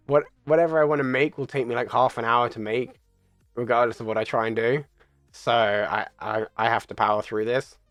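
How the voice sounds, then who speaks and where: A man's voice: medium pitch, fairly even intonation, normal speed, fairly bright tone, dry recording, faint music behind. A man casting an esports tournament, chatting casually on a live stream between matches, chatty and giggly. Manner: chatty, giggly, plays with silly voices.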